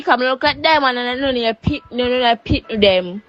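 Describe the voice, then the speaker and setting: A Jamaican woman delivers a heated, scolding rant full of insults. Her voice is a little high. It comes through as a dull, lo-fi voice-note recording. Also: moderate pace, hardly any pauses, fairly bright tone, no room sound. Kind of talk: ranting voice note.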